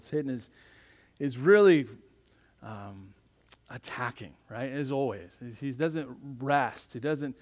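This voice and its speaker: A man preaching a sermon as a pastor, talking conversationally and often checking in with the listeners. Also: fairly high pitch. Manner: conversational, frequent tag questions.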